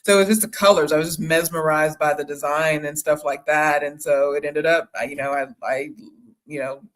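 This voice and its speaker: A woman guest on a casual chat who talks in a halting, rambling way with many pauses and restarts. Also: deep voice, steady tone. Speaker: guest homesteader. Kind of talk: casual conversation.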